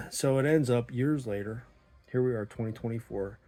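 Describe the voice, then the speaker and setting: Blunt, husky-voiced man telling a story. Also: mid-range voice, moderate pace, faint music behind. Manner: blunt, profane, animated retelling with quoted dialogue. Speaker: small business owner telling a story. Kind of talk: casual storytelling monologue.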